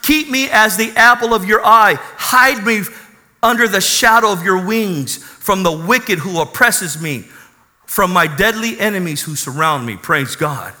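A man's voice: sits high, lively intonation, unhurried, sharp tone. A man preaching a fervent sermon and telling his testimony, calling out hallelujah. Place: church hall. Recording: echoey hall.

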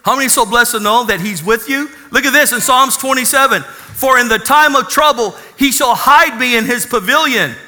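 A man's voice: very high voice, moderate pace, few pauses, sharp tone. A man preaching a fervent sermon and telling his testimony, calling out hallelujah. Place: church hall. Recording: echoey hall.

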